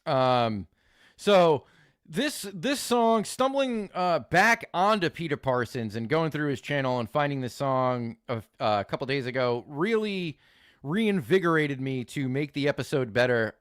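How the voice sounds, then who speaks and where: A man's voice: fairly high pitch, animated, unhurried, clean tone, no echo, studio quality. A man hosting a live stream, chatting casually with viewers in a crude, joking, rambling way, swearing often. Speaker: streamer host reacting to videos.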